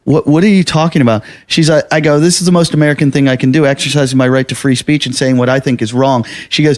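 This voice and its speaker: A man with an average-pitched voice tells a story in a relaxed podcast chat. He is animated and quick, and he acts out the other people in the story. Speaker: comedian. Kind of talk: casual chat.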